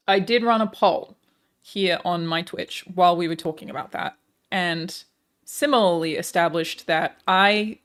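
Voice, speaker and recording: A woman streamer chatting live with her viewers in a sarcastic, deadpan, profane way. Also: on the low side.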